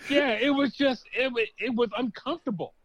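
A man's voice: very high voice, a little fast, fairly bright tone, no room sound, highs cut off. A man co-hosting a podcast, mostly agreeing and adding short points in casual sports chat. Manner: agreeable, chiming in with short replies. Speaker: podcast co-host.

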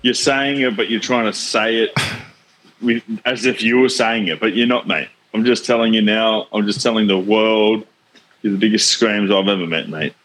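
A man's voice: fairly low pitch, fairly even intonation, normal speed, fairly bright tone. A young man in casual podcast banter, swearing freely and teasing his co-host. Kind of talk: casual chat.

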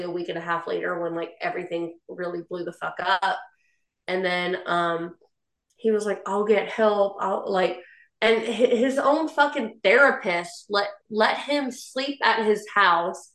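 A woman's voice: medium pitch, a bit bright, reverberant. A woman telling a heated personal story in a rambling way, full of "like" fillers and upset. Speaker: guest sharing a personal story. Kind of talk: emotional personal account.

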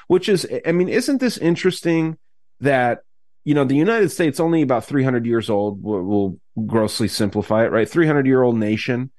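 A man's voice: mid-range voice, a little mellow, dry recording, studio quality. A man hosting a podcast in casual chat, rambling and swearing, with many restarts. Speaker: podcast host.

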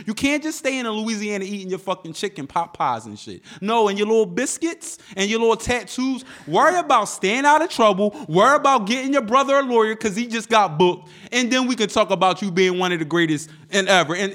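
A man's voice: high voice, fairly bright tone. A man hosting a hip-hop podcast, ranting in a heated, profane, emphatic way. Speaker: podcast host. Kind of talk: casual ranting podcast talk.

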